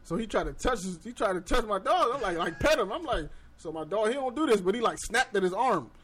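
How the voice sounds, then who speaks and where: A man's voice: high-pitched, quick pace, a little hiss or hum. A man hosting a casual podcast, telling stories in a slangy, profane way and acting out what people said. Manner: animated, profane, slangy storyteller acting out quotes. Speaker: podcast host. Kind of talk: casual storytelling chat. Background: friends chatting and laughing.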